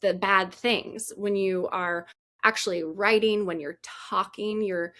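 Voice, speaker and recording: A woman counselor talking in an easy, conversational way during an interview. She explains ideas in plain words and often checks in with "right?". Her voice sits at an ordinary middle pitch for a woman. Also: steady tone, slow, fairly bright tone. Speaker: mental health counselor. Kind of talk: casual explanatory talk in an interview.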